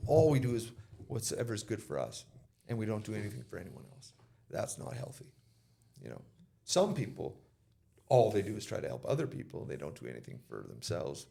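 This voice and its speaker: This male interview guest's voice sits fairly low, gravelly and mellow. He narrates a story from his own life, retelling exchanges in casual quoted speech.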